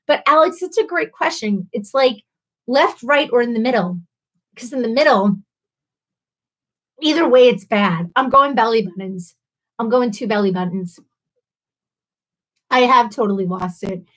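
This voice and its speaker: A woman's voice: a little high, animated, unhurried, pauses often, a bit bright. A woman hosting a casual live stream, laughing a lot and a little tipsy from wine as she reads out viewer comments. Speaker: livestream host.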